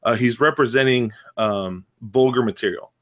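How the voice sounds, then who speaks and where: Male podcast host, mid-range pitch, animated casual storyteller. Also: normal speed. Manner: animated storyteller, laughs often.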